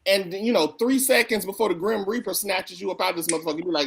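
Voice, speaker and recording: A woman's voice: medium pitch, quick pace, vocal fry, slight background noise. A woman co-hosting a casual podcast conversation, telling stories emphatically over a video call. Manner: emphatic, animated storyteller.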